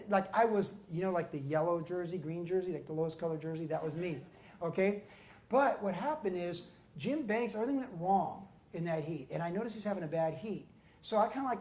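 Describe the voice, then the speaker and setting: An older man, a pastor and former pro surfer, telling his life story to an audience as an animated storyteller who acts out quotes. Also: high-pitched, creaky, echoey room. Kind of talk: storytelling talk at a book event. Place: surfing museum event hall.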